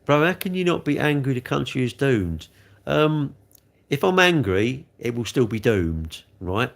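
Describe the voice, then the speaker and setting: A man in his sixties with a gravelly voice, hosting a casual live stream, chatting and joking as he answers viewer comments. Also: mid-range voice, expressive, moderate pace. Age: 60s. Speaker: livestream host reading chat.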